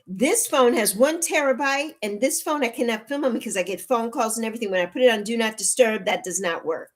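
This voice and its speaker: A woman's voice: on the high side, brisk. A woman in her sixties hosting a casual livestream, flustered and pleading for help while greeting viewers by name. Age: 60s. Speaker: livestream host. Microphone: laptop mic.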